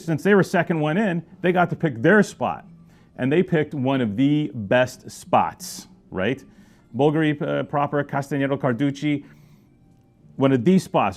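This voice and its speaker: A middle-aged man talks through a wine in a loose, chatty way. He jokes, exclaims loudly at times, and swings his pitch and volume for emphasis. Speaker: wine shop presenter. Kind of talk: casual wine review to camera.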